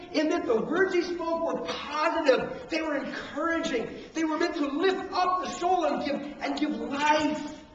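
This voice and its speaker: Preaching on parenting with animation, a pastor with a very high-pitched voice alternates between acted-out scolding of parents and coaches and hushed emphasis. The recording comes from a distant handheld camcorder in an echoey hall, sounding dull with slight background noise.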